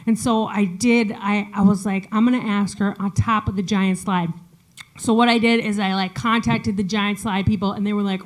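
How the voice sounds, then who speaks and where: A woman's voice: medium pitch, steady tone, normal speed. A woman doing a stand-up set, chatty and self-deprecating, with lots of fillers and restarts. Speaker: stand-up comedian. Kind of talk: stand-up set performed remotely. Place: studio, audience not audible.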